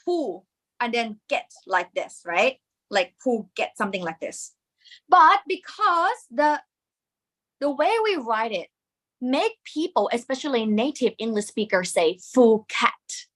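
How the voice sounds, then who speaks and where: Woman teacher, English, higher voice, very animated intonation, quizzes the class. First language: Thai. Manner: lively, asks the class questions, adds polite particles. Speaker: Thai language teacher. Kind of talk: live online class.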